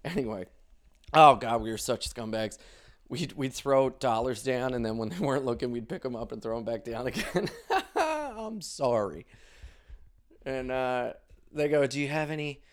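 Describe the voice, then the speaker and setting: A young man, a comedian, telling stories in a loose, profane monologue, laughing often and swinging his pitch widely. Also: normal speed. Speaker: comedian podcast host. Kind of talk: casual storytelling monologue.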